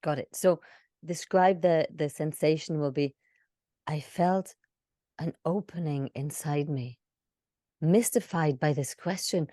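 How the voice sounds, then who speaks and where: Female storytelling coach; deep mellow tone, expressive demos. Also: measured pace, dry recording, studio quality. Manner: expressive, shifting between demonstration and instruction. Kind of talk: live coaching session, demonstrating storytelling.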